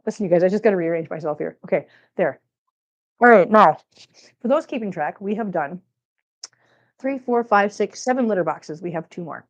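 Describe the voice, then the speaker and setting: A woman's voice: on the low side, animated, moderate pace, long pauses, dull audio. A woman from Missouri hosting a casual livestream from home on a laptop mic, chatting and rambling and cooing baby talk to her cats. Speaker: cat channel host. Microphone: laptop microphone.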